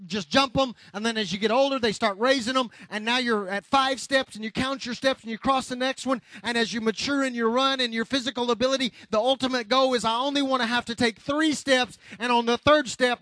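A male pastor delivers a morning sermon in a very high voice. He is emphatic and swings from quiet asides up to loud, driving exhortation. The sound is dry and close. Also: no room sound. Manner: emphatic, rising to shouts.

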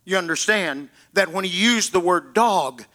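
A man preaches with a high voice that rises above most men's. His tone is bright and forceful. He retells scripture stories with drama and leans on repeated words for stress. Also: unhurried. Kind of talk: sermon.

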